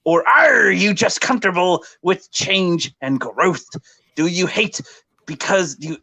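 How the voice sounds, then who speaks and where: A man's voice: high-pitched, gravelly, sharp tone, no room sound. A man hosting a casual livestream, sarcastically reading comments aloud. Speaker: streamer host.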